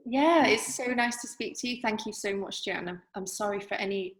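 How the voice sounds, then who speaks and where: A woman's voice: mid-range voice, brisk, a little hiss or hum. Chatty northern English woman, echoey room. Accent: Northern English, softened. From northern England. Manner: reflective, chatty, many fillers. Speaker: artist guest. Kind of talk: casual interview chat.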